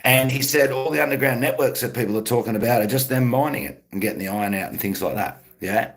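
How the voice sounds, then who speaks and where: A man's voice: mid-range voice, fast talker. A man, rambling casually to his live-stream chat and greeting viewers by name.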